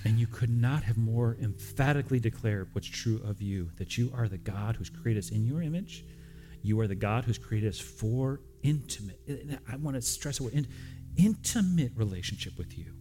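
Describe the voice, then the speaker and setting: A man's voice: on the low side, moderate pace, mellow, slight background noise. A man preaching as pastor, speaking earnestly and directly, often repeating phrases, then leading a communion prayer. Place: church sanctuary with congregation.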